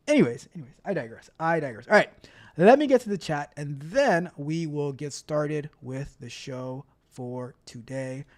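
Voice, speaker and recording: A man's voice: a little high, animated, normal speed. A man hosting a casual tech livestream, chatty and upbeat, often repeating himself as he reads the chat. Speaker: livestream host and tech coach.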